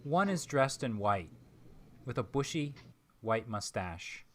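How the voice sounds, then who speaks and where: A man narrating as game master of a tabletop role-playing game, describing scenes in a measured, pausing way. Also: mid-range voice, very animated, crowd noise. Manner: measured, descriptive, with frequent pauses.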